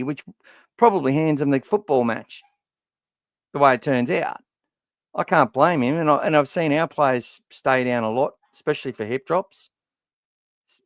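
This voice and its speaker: A man's voice: medium pitch, vocal fry, no echo, clean studio sound. A middle-aged Australian man hosting a casual fan podcast from home, rambling and swearing, his voice worn from talking all day. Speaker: podcast host. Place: warm room at home.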